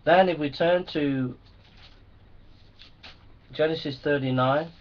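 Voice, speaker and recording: A man preaching a sermon with impassioned repetition, swinging between loud declarations and hushed passages. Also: fairly high pitch, takes it slowly. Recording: muffled, distant lo-fi recording.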